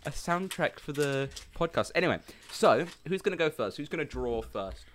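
A young man co-hosting a casual chat podcast, talking in a playful, jokey way. His pitch swings up and down a lot as he banters, and there is a faint hiss behind him. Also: animated, moderate pace, a bit bright. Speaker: podcast co-host.

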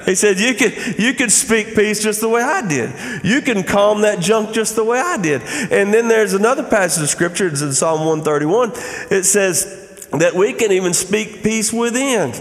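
A man's voice: high voice, in a large hall. A middle-aged male pastor preaching a sermon in a conversational way, often asking the crowd "Amen?".

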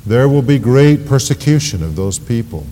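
A man's voice: medium pitch, big pitch swings, moderate pace, background noise. A male pastor preaching an evening sermon, reading scripture aloud with rising, emphatic delivery. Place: church sanctuary. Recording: long hall reverb, church sanctuary.

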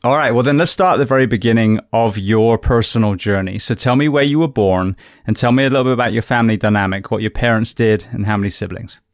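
A man's voice: on the low side, fast talker, no room sound, clean studio sound. A man from the West Country with an English accent tinged with American, hosting a podcast interview with earnest enthusiasm. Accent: English West Country, with some American. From England. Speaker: podcast host.

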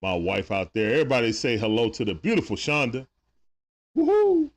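Lively-voiced man hosting a live stream. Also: on the low side, fast. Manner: laid-back, greets chat viewers one by one with slang. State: sore throat. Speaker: live-stream sports watch party host. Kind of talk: casual live-stream chat with viewers.

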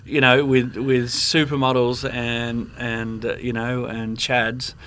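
A man's voice: medium pitch, level tone, slow, fairly bright tone. A man hosting a podcast, asking long loose questions full of "you know". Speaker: podcast host. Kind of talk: casual conversational interview.

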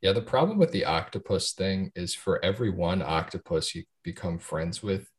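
A woman co-hosting a comedy podcast in relaxed chat. She jokes and teases freely, and her pitch moves widely and expressively. Her voice sits fairly low for a woman. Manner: playful, quick to joke and tease. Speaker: podcast co-host.

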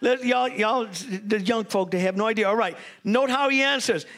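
A man preaching a sermon as a bishop, calling on the congregation to answer back, excitable and joking as he teaches. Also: extremely high pitch, normal speed, few pauses.

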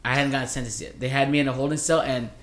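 A man's voice: medium pitch, steady tone, racing, a bit bright. A man in his thirties, a podcast co-host, telling a long dream story with lots of restarts and asides. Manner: rambling storyteller, many restarts. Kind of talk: casual podcast chat.

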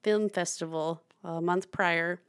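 A woman's voice: fairly low pitch, fairly even intonation, slow pace, clean tone. A young woman co-hosting a film podcast, chatting casually with lots of fillers, restarts and laughter. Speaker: podcast co-host. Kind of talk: casual chat about films.

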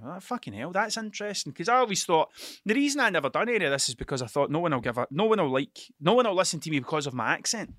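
A Scottish man talks through a solo podcast in a loose, sweary ramble, cutting himself off and circling back. His voice sits a little high and sounds bright and forward. The recording is dry and close, with no room sound. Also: very animated, fast talker, dry recording. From Scotland. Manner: rambling, sweary, self-interrupting. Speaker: podcast host. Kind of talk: casual solo podcast monologue.

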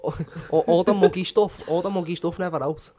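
A man's voice: high voice, fairly even intonation, brisk, warm tone. A young man, talking bluntly and swearing freely as he banters with his mates. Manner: blunt, sweary, calls people lad.

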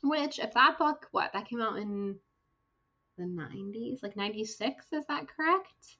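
A young woman co-hosting a casual book podcast, retelling chapters in a chatty, lively way with lots of fillers. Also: a little high, unhurried, highs cut off. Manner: chatty, animated storytelling with fillers. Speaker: podcast co-host.

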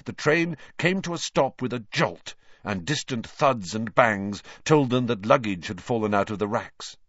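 A man reading a novel aloud as narrator, in an expressive, varied way. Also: medium pitch, unhurried, dry recording, highs cut off. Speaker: audiobook narrator.

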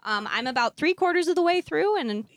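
A woman's voice: high voice, expressive. Playful sarcastic woman hosting a podcast. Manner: playful, sarcastic, quick to laugh. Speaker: podcast host. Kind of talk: casual comedy podcast chat.

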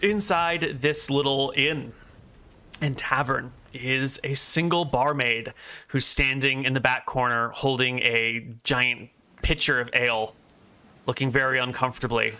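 Bright-voiced man running a tabletop game. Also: medium pitch, steady tone, clean tone. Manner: measured, descriptive narration. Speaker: game master.

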